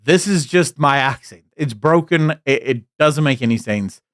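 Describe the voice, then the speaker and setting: A man's voice: mid-range voice, normal speed, fairly bright tone, dry recording. Blunt man, South African-tinged accent, dry sound. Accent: mixed English accent with South African traces. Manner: blunt, candid, rambling with fillers. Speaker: live-stream host. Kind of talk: live-stream political commentary, reading chat.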